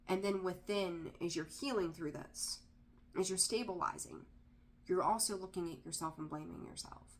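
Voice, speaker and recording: A woman's voice: fairly low pitch, moderate pace. A woman giving a casual tarot reading to camera, direct and emphatic, repeating her key points and dropping candid, slightly profane asides. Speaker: tarot reader.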